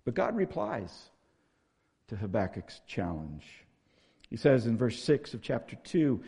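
A man's voice: mid-range voice, huge pitch swings, measured pace, gravelly, mellow, husky, big-room sound. A man preaching a sermon, earnest and building to emphatic force when he reads scripture aloud. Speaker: pastor.

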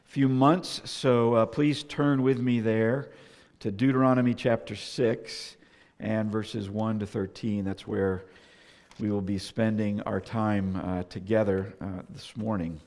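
Male pastor, gravelly, mid-pitched; casual storytelling sermon, lots of "uh"; long church-hall reverb. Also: steady tone, slow pace, a little mellow. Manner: conversational storytelling with many fillers. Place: church sanctuary. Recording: echoey hall.

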